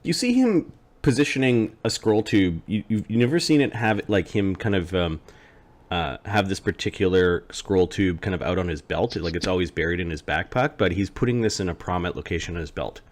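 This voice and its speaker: A man playing a tabletop game, describing his character's actions in a halting, casual way. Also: deep voice, animated.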